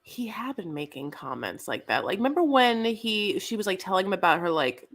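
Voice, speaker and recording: A woman's voice: mid-range voice, big pitch swings, a little fast, fairly bright tone. A woman co-hosting a podcast, rambling through a casual recap chat full of restarts and swearing. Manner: rambling, self-interrupting, profane. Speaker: podcast co-host.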